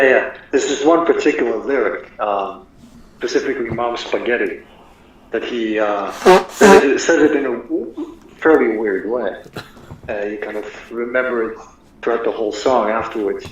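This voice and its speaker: A man with a Russian accent calling into a talk show, speaking haltingly and searching for words. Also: mid-range voice. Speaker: caller. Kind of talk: casual call-in chat. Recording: very echoey, dull lo-fi, faint noise.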